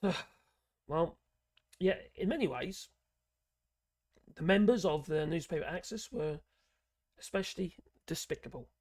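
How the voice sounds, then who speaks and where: A man with a somewhat high voice reads an article aloud, stumbling over words and filling gaps with many ums. He breaks off for sarcastic asides as a political channel host. The sound is dry and close. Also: darkish tone, dry recording. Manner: halting reading, many fillers, sarcastic asides. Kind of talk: reading an article aloud with commentary.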